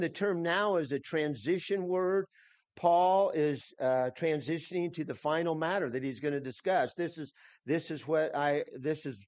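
A man's voice: fairly high pitch, darkish tone, dry recording, lo-fi sound. A man preaching an expository sermon, emphatic and repeating himself, with frequent restarts. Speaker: pastor.

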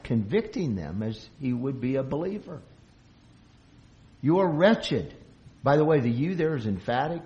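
A man's voice: medium pitch, darkish tone, highs cut off. A man preaching an expository sermon, earnest, often restarting phrases and raising his voice for quoted lines. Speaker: pastor.

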